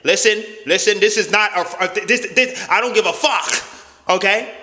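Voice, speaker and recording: A man telling a profane, animated story in a casual storytime monologue, punctuating it with "right?" and "boom.". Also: normal speed. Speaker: storyteller vlogger. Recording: echoey room with long reverb.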